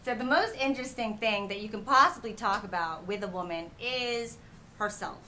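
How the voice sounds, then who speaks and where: A woman's voice: mid-range voice, moderate pace, a little hiss or hum. A woman dating coach talking frankly and acting out little quoted lines in a casual advice chat. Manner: frank, animated, acts out quotes.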